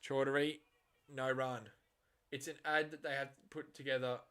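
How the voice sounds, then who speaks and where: A man hosting a casual live reaction stream of a match, swinging from quiet muttering to loud, exasperated outbursts and swearing bluntly. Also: medium pitch, little pitch movement, moderate pace, smooth.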